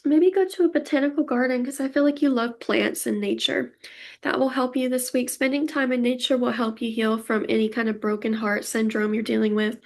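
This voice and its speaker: A woman's voice: a little high, fairly even intonation, fairly quick. A woman giving a casual pick-a-card tarot reading, chatty and emotional, reassuring her viewers and laughing often. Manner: warm, reassuring tone toward viewers.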